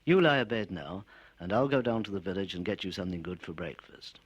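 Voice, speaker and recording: A man voicing Rosie, a gentle loving country wife, speaking soothingly on an old spoken-word record. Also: low voice, brisk, slightly rough, dry recording, lo-fi sound. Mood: tender.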